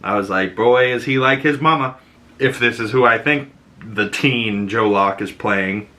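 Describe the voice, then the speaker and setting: A man hosting a casual episode recap, animated and acting out character lines in put-on voices. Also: on the low side, measured pace.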